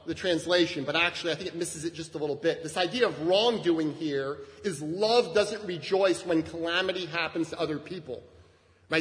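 A man with a fairly high voice preaches a sermon, talking to the congregation in a chatty, conversational way. His voice rings out with a long reverb through a church sanctuary. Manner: conversational, frequent "right?" asides, lively shifts in emphasis. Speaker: pastor.

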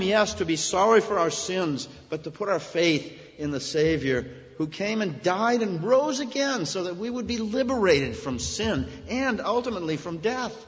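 Earnest pastor preaching in an echoey church. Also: male voice, a little high. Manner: earnest, storytelling, rising to emphatic peaks. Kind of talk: sermon. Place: church sanctuary. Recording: echoey hall, dull sound.

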